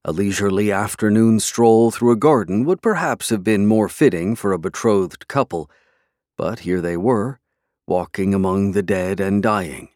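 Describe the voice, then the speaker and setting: A man reading scripted narration for an audiobook in a measured, even way. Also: lowish voice, dry recording, clean studio sound.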